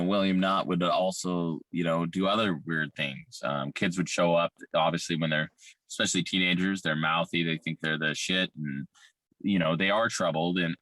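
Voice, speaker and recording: A man recounting a painful childhood experience in candid, profane, halting personal testimony full of fillers. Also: low voice, sharp tone, no room sound. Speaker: survivor telling his story.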